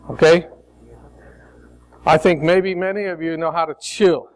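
A man from Chicago preaching a sermon in an unhurried, deliberate way. His voice sits a little high for a man, and he coaxes and drills the congregation in call-and-response, slipping in light jokes along the way. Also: fairly even intonation, clear, resonant tone, low-quality recording. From Chicago, United States. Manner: coaxing, emphatic, jokes with the congregation.

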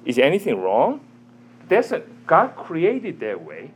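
A man teaching a church audience in a sermon style, animated, quizzing listeners, with broken, non-native-sounding phrasing. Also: a little high, slow pace, slightly rough.

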